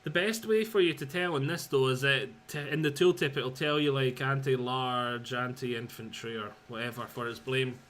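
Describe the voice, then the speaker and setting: A man's voice: mid-range voice, normal speed, hardly any pauses, a bit bright. A man chatting casually on a co-op game stream, easygoing as he explains game details. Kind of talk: casual gaming chat.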